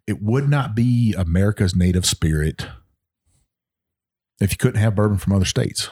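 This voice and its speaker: A man's voice: on the low side, moderate pace, a little mellow, breathy edge. A man co-hosting a podcast in casual chat, enthusiastic and rambling, with lots of ums. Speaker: podcast co-host.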